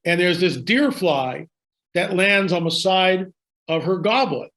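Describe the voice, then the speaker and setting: A man's voice: sits high, slow, a bit bright. A man telling a story in conversation, emphatic and dramatic, repeating lines for effect. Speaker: guest storyteller.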